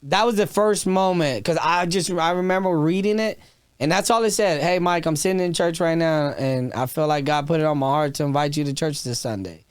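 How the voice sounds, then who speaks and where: A man's voice: fairly high pitch, fairly quick, smooth, no room sound, studio quality. A man in his thirties, a podcast guest telling a raw, emotional story, swearing freely and restarting his sentences. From Texas. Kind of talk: candid storytelling interview.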